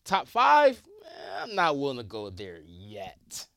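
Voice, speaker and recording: A man co-hosting a sports talk show, reasoning through his points in a measured, agreeable way. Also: fairly low pitch, very animated, fairly bright tone, no room sound, clean studio sound. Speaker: sports podcast co-host. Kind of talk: casual sports debate.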